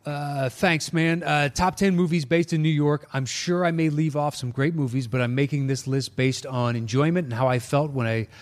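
A man co-hosting a casual movie-list podcast, explaining the show format and reading out listener lists in a relaxed way. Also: a little high, normal speed, hardly any pauses. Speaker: podcast co-host.

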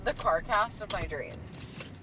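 A woman's voice: mid-range voice, expressive, slow pace. Sarcastic young woman podcast host. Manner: playful, sarcastic. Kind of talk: casual chat. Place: in a car, then a home kitchen. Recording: roomy, with loud background noise.

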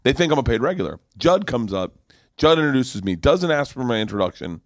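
A man's voice: mid-range voice, fairly quick, no echo, clean studio sound. A man in his forties, a comedian, telling a rambling story in casual chat, swearing and restarting often. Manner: rambling, profane, animated storyteller with many restarts. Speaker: comedian guest.

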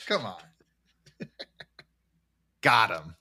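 A man's voice: fairly low pitch, very slow, slightly rough. Laughing man recapping a movie. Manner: laughs often, quotes lines in excited voices. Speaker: podcast co-host. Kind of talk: casual movie-recap chat.

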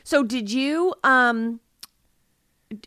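A woman's voice: a little high, very slow, sharp tone, dry recording, clean studio sound. A woman hosting a radio show, asking teasing, nosy questions in casual chat.

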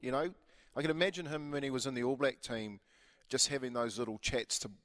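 A man's voice: mid-range voice, a little fast, a bit bright. A man co-hosting a casual sports chat, enthusiastic and a little rambling. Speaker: co-host.

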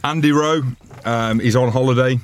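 A man's voice: medium pitch, moderate pace, noisy background. A man with a broad Glaswegian Scottish accent, co-hosting a sports podcast in casual, teasing banter. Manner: teasing, jokey. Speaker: podcast co-host.

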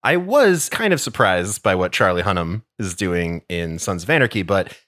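A man co-hosting a podcast, making measured points in casual chat with quiet laughs. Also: low voice, sing-song, no room sound, studio quality. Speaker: podcast co-host.

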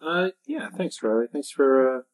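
A woman's voice: low-pitched, expressive, normal speed, a little mellow, poor audio. A woman playing an easygoing veteran park ranger from the Midwest in a tabletop role-playing game. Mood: folksy.

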